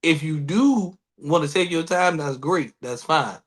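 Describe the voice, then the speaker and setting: A man's voice: on the high side, a little slow, breathy edge. A man with a DC-area accent, co-hosting a podcast in casual, profane chat and acting out other people's voices. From Washington DC area. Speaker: podcast co-host.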